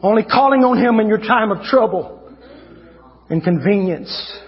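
High-voiced fervent male preacher. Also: lively intonation, a little slow, long reverb tail, dull audio. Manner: fervent, shouting at peaks, repeats phrases. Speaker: evangelist preacher. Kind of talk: sermon. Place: church hall.

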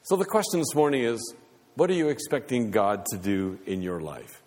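A man's voice: medium pitch, sing-song, normal speed, a little mellow. A man preaching a sermon as pastor, with rising and falling emphasis. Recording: long hall reverb.

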